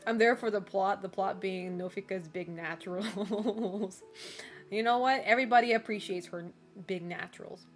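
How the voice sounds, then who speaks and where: Speaking unhurriedly and leaving long pauses, this woman has a mid-range voice as she chats with viewers on her stream. She's loose and chatty, leaning on fillers like "like" and "you know," and breaks into laughter frequently, with faint music in the background.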